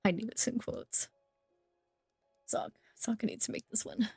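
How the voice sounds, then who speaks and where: A woman's voice: fairly high pitch, measured pace, vocal fry, dark tone, husky, no room sound, faint music behind. A woman joking playfully in a casual chat, swearing now and then.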